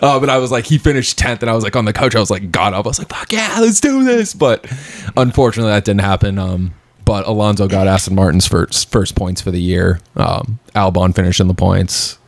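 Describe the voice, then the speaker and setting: Speaking fast with hardly any pauses, a low-voiced man keeps a steady tone on a dry recording. He's co-hosting a podcast from his basement at home, rambling casually and leaning heavily on fillers as he tells stories.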